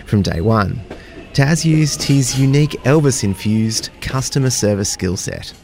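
A male reporter narrates a radio feature with a very lively, swooping delivery, measured and storytelling. A faint background hiss sits under his voice. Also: medium pitch. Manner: measured storytelling with questions to the guest.

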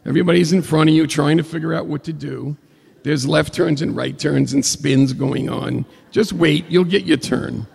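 A man voicing a calm male race-car spotter who gives steady directions. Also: a little high, moderate pace, creaky, breathy edge, full character voice. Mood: coaching. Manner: steady, coaching instructions. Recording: long hall reverb.

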